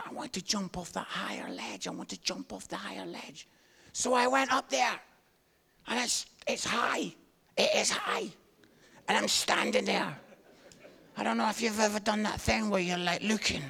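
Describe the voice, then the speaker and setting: A man, preaching a sermon with animated storytelling and self-deprecating humor. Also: high voice, gravelly, slightly rough. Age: 50s.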